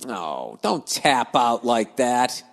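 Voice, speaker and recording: A podcast host with a mid-range voice and vocal fry reads listener letters slowly but very animatedly, launching into profane, grumbling comic rants and digressions. He swears freely, and a long reverb tail trails his words.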